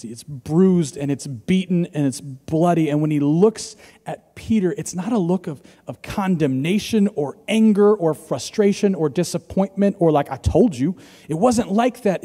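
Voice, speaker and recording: Male pastor, thirties, dynamic preaching from loud to hushed, in a reverberant church hall. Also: a little high, slightly rough. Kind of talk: sermon.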